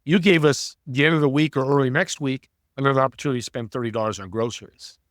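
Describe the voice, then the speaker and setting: A man's voice: mid-range voice, fast talker, dry recording, clean studio sound. A man who is an entrepreneur and podcast guest, telling stories in an earnest, preachy, motivational way. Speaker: entrepreneur and networking coach, guest. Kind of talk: interview storytelling.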